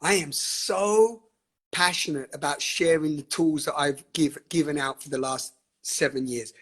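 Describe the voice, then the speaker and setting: Hosting a live stream, this man has a slightly high voice and keeps a measured pace. His talk is fiery and emphatic, full of laughter and free swearing, picked up by a webcam or phone mic.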